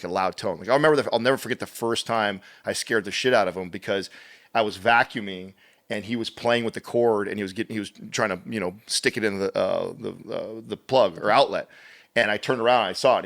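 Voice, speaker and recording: Low-voiced man telling stories animatedly. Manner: animated storyteller, acts out quotes, swears casually. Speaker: podcast guest. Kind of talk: casual interview storytelling.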